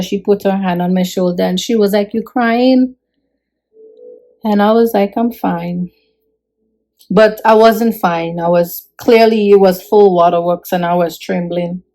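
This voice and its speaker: A woman's voice: mid-range voice, darkish tone, low-quality recording. A woman telling an emotional personal story in a casual vlog, acting out the people she quotes. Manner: earnest, emotional retelling with quoted dialogue.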